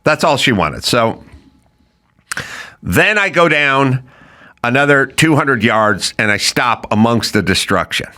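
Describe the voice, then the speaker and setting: Middle-aged man, podcast host; animated, incredulous comic storytelling, bright and lively. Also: medium pitch, slow pace, pauses often. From Los Angeles. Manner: animated, incredulous, mimics people in voices. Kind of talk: comedic storytelling rant.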